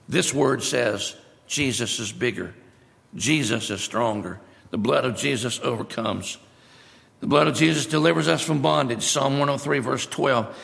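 A male preacher delivers an emphatic sermon, driving his points home by repeating them. His voice is deeply gravelly at a middle pitch. It rings out with a long reverb from a church hall. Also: fairly bright tone.

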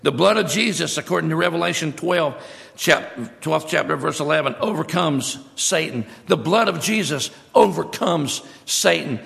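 A man's voice: fairly high pitch, moderate pace, creaky, fairly bright tone. A male preacher giving a sermon, emphatic, repeating his key phrases. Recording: long hall reverb.

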